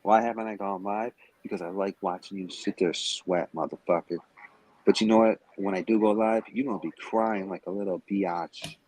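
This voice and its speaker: A man's voice: low-pitched, steady tone, moderate pace, a little mellow, no room sound, rough recording. A man in a heated livestream rant, taunting and cursing at a rival, calling in remotely. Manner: profane, confrontational, taunting. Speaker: stream guest. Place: Las Vegas.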